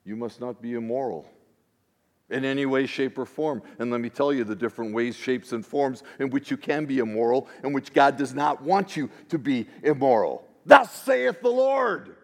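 A man, a pastor, preaching a sermon in an expressive style that swings between hushed asides and emphatic declarations. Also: mid-range voice, normal speed. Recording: long reverb of a large hall.

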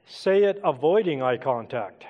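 A man's voice: on the high side, animated, a little slow, lo-fi sound. A middle-aged man preaching an interactive sermon, casually coaxing the congregation to join in. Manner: conversational, coaxing the congregation to take part. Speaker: pastor. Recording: long hall reverb.

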